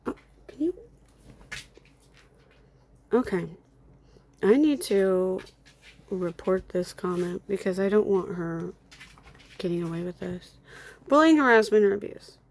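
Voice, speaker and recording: A woman's voice: medium pitch, animated, measured pace, pauses often, darkish tone, a little hiss or hum. A young woman ranting in a screen recording at home, upset and irritated, swearing and muttering to herself as she blocks users. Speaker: content creator. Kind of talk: angry screen-recording rant. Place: home with dogs, construction noise outside.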